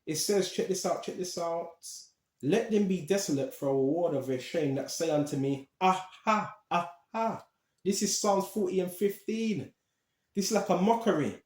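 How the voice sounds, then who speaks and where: Reading Bible verses in a casual, conversational style full of street slang, this preacher keeps asking "right?". He has a high, animated, mellow voice at a normal pace, and the sound is reverberant.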